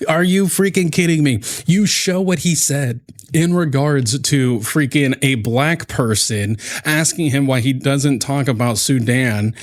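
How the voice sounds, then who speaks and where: A man's voice: mid-range voice, a little slow. A man giving heated, profane reaction commentary with an exasperated tone. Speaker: commentary youtuber.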